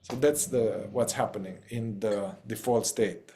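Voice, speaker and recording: A man's voice: fairly low pitch, measured pace, dark tone. A man facilitating a group talk over a video call, casual and playful, often laughing and trailing off mid-thought.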